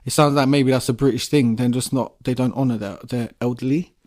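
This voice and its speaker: A man's voice: mid-range voice, fairly even intonation, fairly quick, a little mellow. Profane, rambling male podcast co-host. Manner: rambling, profane, laid-back banter. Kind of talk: casual chat.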